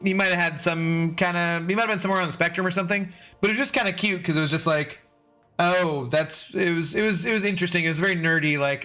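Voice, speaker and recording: A man's voice: high voice, quick pace, bright, forceful tone, faint music behind. A man in his forties from Washington State, hosting a livestream and chatting casually with viewers, loose and profane, laughing often. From Washington State, USA. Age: 40s. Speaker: livestream host reading chat. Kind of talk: casual chat.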